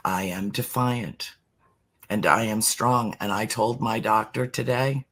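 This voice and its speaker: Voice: medium pitch, fairly even intonation, slow, a bit bright, husky. Middle-aged podcast guest, earnest and emphatic, plain mid voice. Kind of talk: heartfelt spiritual talk.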